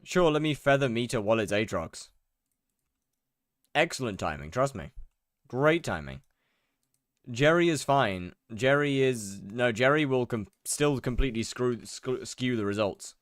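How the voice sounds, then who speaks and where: A man's voice: mid-range voice, lively intonation, unhurried, no room sound. Young man, game streamer, chatty and rambling, voice swings up and down, dry close sound. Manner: greets chat viewers one by one, rambling and chatty. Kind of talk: casual live-stream chat while gaming.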